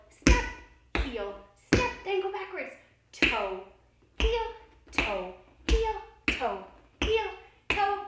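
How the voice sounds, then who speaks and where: A woman's voice: sits high, heavy background noise. A woman leading a children's dance lesson, upbeat and encouraging as she counts out the steps. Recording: roomy, distant, loud music behind.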